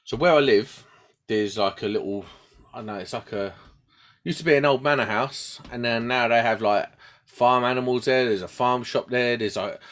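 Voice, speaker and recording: Medium-pitched and speaking at normal speed, this male podcast co-host recounts a story in a casual chat. He performs the voices of those he quotes with animation and laughs at himself.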